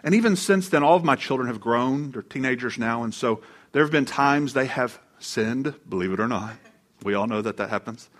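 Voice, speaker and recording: A man's voice: mid-range voice, lively intonation, normal speed. A middle-aged man preaching a sermon to a live congregation, telling a personal story with humor and acting out voices when he quotes people. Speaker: pastor. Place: church before a live congregation.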